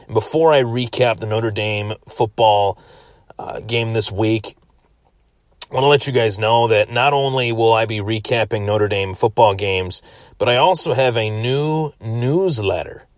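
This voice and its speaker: A man's voice: lowish voice, unhurried, no echo, studio quality. A man hosting a solo sports podcast, giving a chatty recap that often repeats and restarts phrases. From Western New York.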